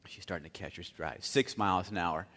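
A male pastor with a fairly low voice delivers a sermon as a vivid story. He swings from loud bursts down to near-hushed asides. His words trail off into a long, ringing reverb from a large hall. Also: steady tone, brisk.

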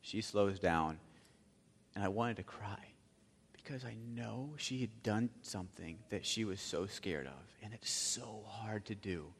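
A man preaching a sermon, telling a story dramatically and swinging from loud bursts to hushed asides. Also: fairly low pitch, unhurried, gravelly, breathy edge. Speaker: pastor. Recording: long hall reverb.

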